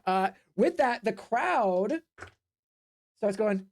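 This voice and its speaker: A man streaming as game master for a tabletop game, narrating in a rambling, filler-heavy way and dropping into quick voiced asides. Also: high-pitched, lively intonation, no room sound.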